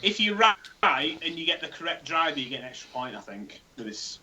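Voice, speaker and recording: A man's voice: on the high side, big pitch swings, a little fast, pushed and bright, slight background noise, rough recording. A man from the UK co-hosting a casual podcast over a call, playful and jokey. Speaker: podcast co-host.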